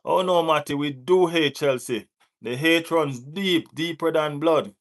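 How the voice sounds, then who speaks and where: A man with a West Indian accent hosting a live football watch-along, giving shout-outs to viewers in the chat, laughing and teasing rival fans. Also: fairly high pitch, unhurried. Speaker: football channel host.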